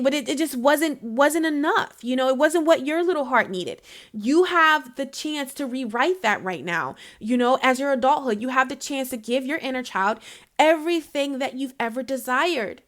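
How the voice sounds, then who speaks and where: A woman with a high voice gives a casual spiritual reading. She is chatty and emphatic, and laughs often. She speaks right to the listener with encouragement. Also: fairly bright tone. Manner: encouraging, addresses the listener directly. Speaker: intuitive reader.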